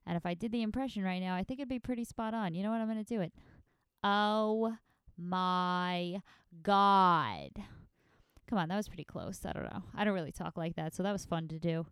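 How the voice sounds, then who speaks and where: A woman's voice: mid-range voice, racing, few pauses, mellow, clear, resonant tone, dry recording, studio quality. A woman hosting a casual solo podcast, sounding nasal from allergies, rambling in a chatty, self-deprecating way. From New York. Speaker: podcast host.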